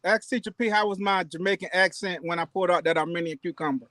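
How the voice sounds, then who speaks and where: A man's voice: high voice, fairly even intonation, fast talker, pushed and bright. A man co-hosting a casual group chat, laid-back and slangy.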